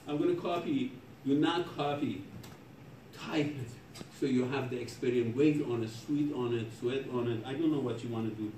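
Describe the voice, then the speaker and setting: A man lecturing a programming class in a non-native English accent, joking with students in broken English. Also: a little high. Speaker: programming professor. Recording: echoey classroom from far off with noise.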